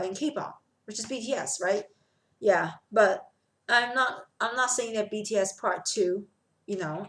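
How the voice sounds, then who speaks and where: A woman hosting a reaction video in casual commentary, excitable and gushing, shrieking over her favorite. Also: mid-range voice, rough recording. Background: loud trailer music.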